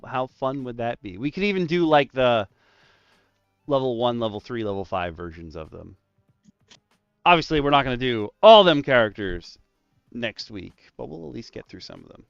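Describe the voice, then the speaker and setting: Host, male, smooth dry voice, animated and quick to laugh, lo-fi stream audio with faint music. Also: medium pitch, no echo. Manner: laughs often, animated storytelling. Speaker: host of a tabletop game roundtable stream. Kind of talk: casual chat.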